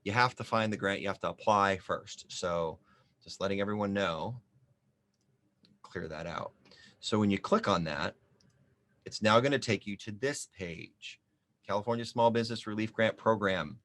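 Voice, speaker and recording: In a screen-share tutorial, a small business advisor with a lowish voice walks viewers through an online form, joking and thinking aloud as he fills in each field. His loose, chatty talk comes at a moderate pace with a fairly bright tone, backed by keyboard typing and mouse clicks.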